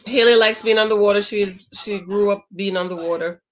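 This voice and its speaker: A middle-aged woman hosting a reaction video reacts to a reality show with sassy, exclamation-heavy commentary, addressing her viewers directly as "child" and "ladies." Her mid-range voice keeps a steady tone at a fairly quick pace, and the audio is lo-fi.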